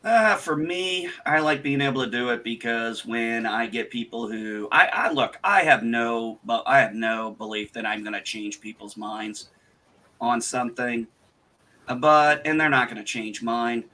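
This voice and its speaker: Host type: man, bright and punchy voice, animated storyteller who swears a lot and acts out quotes. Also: medium pitch, a little slow. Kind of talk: casual livestream chat.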